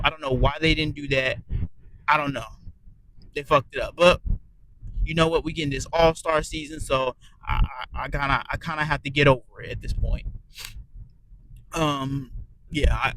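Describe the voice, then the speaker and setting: A man's voice: medium pitch, pushed and bright, slight background noise, poor audio. A man giving a casual, rambling review of a reality show. He swears constantly, speaks bluntly and fills his talk with ums and restarts. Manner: rambling, blunt, heavy cursing, frequent fillers. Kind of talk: casual profane audio review.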